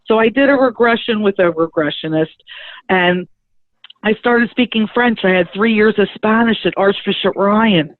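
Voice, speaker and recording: A middle-aged woman, a spiritual medium and guest, telling her story in a lively, chatty way and acting out the conversations in it. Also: mid-range voice, normal speed, no room sound. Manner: lively, chatty, acts out the dialogue in her stories. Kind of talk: animated personal storytelling. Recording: thin phone-like dry sound.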